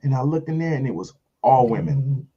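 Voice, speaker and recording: A man, a comedian hosting a casual show and telling a story, acting out other people in high voices. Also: a little fast, slightly rough, muffled recording. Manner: animated storyteller, acts out voices in high pitch.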